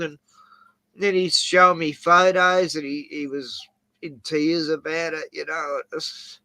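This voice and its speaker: A man's voice: on the high side, steady tone, unhurried, bright, forceful tone, no echo. A man with an Australian accent hosting a casual chat, rambling through anecdotes with chuckles. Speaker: host.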